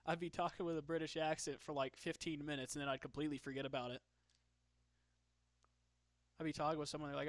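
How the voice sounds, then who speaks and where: Man, casual chat, slightly high pitch, joking, laughs a lot, dead dry sound. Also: flat delivery, quick pace, pauses often, no room sound. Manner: joking, self-deprecating, laughs often. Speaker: streamer. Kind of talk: casual chat while drawing.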